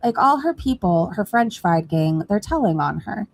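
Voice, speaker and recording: A woman's voice: mid-range voice, lively intonation, normal speed, vocal fry, slight background noise. A woman hosting a casual reaction livestream, chatting gossipy and direct to her viewers from her computer mic. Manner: chatty, gossipy, talks straight to chat.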